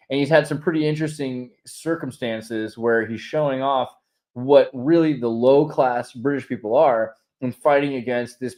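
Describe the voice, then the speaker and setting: A man hosting a show, chatting casually in a rambling, opinionated way, swinging from quiet asides to loud outbursts. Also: mid-range voice. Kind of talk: casual chat.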